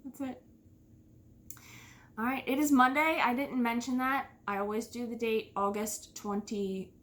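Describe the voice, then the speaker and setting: A chatty middle-aged woman from the United States talks casually as a podcast host. Her voice is bright and forward, and she rambles through fillers and little sighs. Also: a little high, fairly even intonation, unhurried. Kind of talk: casual chat.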